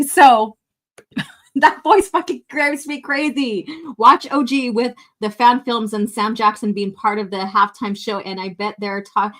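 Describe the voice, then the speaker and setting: A woman's voice: fairly high pitch, fairly bright tone. A woman live-streaming a fan film review, talking casually, laughing and swearing often.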